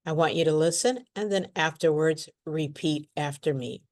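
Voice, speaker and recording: A woman's voice: low-pitched, normal speed, few pauses, a little mellow. A woman teaching English pronunciation, speaking carefully and repeating words for learners to copy. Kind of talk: pronunciation lesson.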